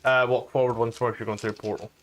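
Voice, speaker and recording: A man's voice: mid-range voice, level tone, racing, slight background noise. A Scottish man narrating as dungeon master, casual and given to swearing. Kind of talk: narrating a tabletop game.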